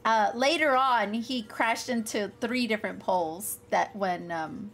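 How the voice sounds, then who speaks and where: A woman's voice: medium pitch, measured pace, a bit bright. A woman streamer chatting casually with her live chat, laughing often and talking to viewers by name. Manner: giggly, frequent laughter, chatty asides to chat.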